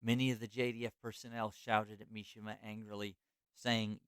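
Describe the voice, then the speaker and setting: Low smooth-voiced man telling a history story. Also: little pitch movement, brisk, fairly bright tone, no echo. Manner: loose, filler-heavy, self-correcting. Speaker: podcast host. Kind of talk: casual storytelling chat.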